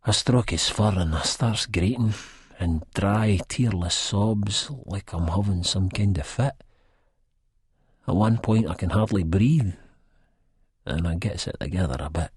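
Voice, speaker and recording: A Scottish man with an Edinburgh accent narrates an audiobook in rambling, slangy first person. His voice sits very low and sounds husky. The recording is dry and close, with no room around it. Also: measured pace, no echo. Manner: rambling, slangy storyteller with a wistful edge.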